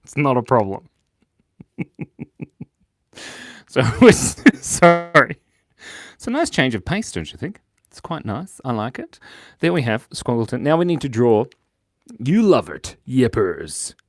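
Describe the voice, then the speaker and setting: A man's voice: mid-range voice, very animated, takes it slowly, long pauses, no echo, studio quality. A man hosting a casual drawing livestream, chatting playfully, reading viewer comments aloud and giggling often. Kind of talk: casual live-stream chat while drawing.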